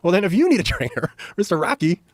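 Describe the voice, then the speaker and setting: A man imitating a gruff middle-aged male movie action star in a blunt, teasing way. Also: high-pitched, sing-song, fast talker, no echo, clean studio sound, pitched above the performer's own voice. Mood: bantering.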